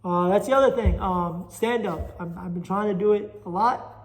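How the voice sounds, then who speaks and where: A man's voice: high-pitched, normal speed. A man with a New York Italian accent hosting a solo podcast, rambling and restless, self-deprecating about his stand-up. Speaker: podcast host and amateur stand-up comic. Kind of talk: solo casual podcast monologue. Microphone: phone recording. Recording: echoey chamber reverb.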